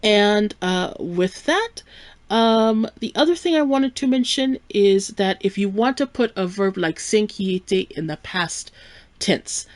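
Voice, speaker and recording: Woman French teacher, live lesson, mid-pitched, patient and clear, dry close mic. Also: expressive, no echo. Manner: clear, patient explaining, slows to model French words. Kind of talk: live-streamed language lesson.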